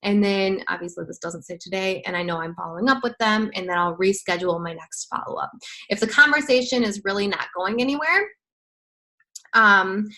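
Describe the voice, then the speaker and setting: A woman's voice: mid-range voice, fairly quick, pushed and bright, low-quality recording. A woman coaching others on sales follow-up in a casual screen-share training, bubbly and gushing as she acts out chats with clients.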